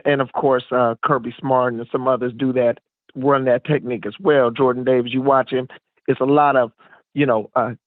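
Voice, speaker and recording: Male caller from Fresno, mid-pitched, friendly, meandering, with a dry, narrow phone sound. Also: no echo. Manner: friendly, rambling, halting. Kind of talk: call-in sports talk. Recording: phone line.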